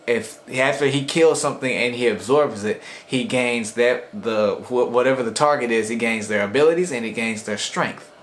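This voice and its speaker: A man's voice: mid-range voice, normal speed, few pauses, slight background noise. A young man casually reviewing an anime episode in a rambling, slangy way, often acting out the characters' lines.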